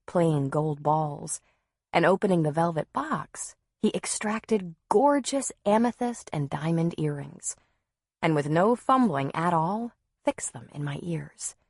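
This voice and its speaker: A woman narrating a novel in the first person, in a measured, softly expressive way. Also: fairly low pitch, no echo, clean studio sound. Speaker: audiobook narrator.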